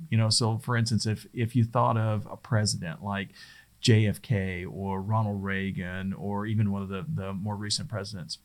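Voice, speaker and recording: A man's voice: fairly low pitch, a little mellow. A middle-aged man giving a casual instructional talk as a presentation skills trainer, rambling and conversational with frequent restarts.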